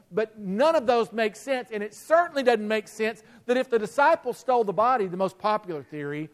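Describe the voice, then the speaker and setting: High-voiced man preaching conversationally. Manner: conversational, rhetorical questions, frequent restarts. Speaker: pastor. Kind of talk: sermon.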